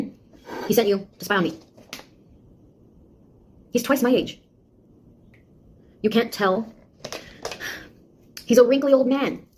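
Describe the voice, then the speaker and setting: A woman's voice: fairly high pitch, darkish tone, slight background noise, close to an everyday voice. An actress playing a sarcastic young woman, a beta tester who mocks and scolds a nosy AI in a one-sided audio drama. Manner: mocking, taunting, exasperated.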